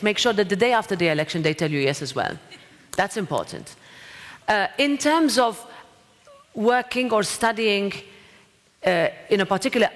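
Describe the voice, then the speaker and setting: A woman giving a speech and answering an audience, direct and encouraging, with asides to the crowd. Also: medium pitch. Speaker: president of a parliament, guest speaker. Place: lecture hall. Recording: long hall reverb.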